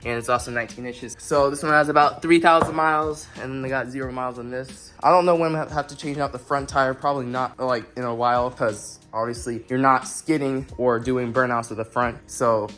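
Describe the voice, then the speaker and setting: A man's voice: medium pitch, pushed and bright. A man talking casually in a how-to vlog, explaining step by step with frequent restarts and fillers. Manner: rambling explanations with many restarts. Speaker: vlogger.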